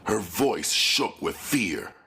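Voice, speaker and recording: A man reading a gritty first-person novel aloud as an audiobook narrator, with a slow, menacing delivery. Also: low-pitched, very animated, pushed and bright, husky.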